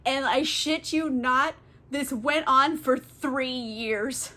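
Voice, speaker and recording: A woman's voice: high-pitched, slow, sharp tone. A young woman, a little tipsy, retelling a classic book in a casual, profane, rambling way. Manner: profane, rambling, lots of fillers. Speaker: book vlogger.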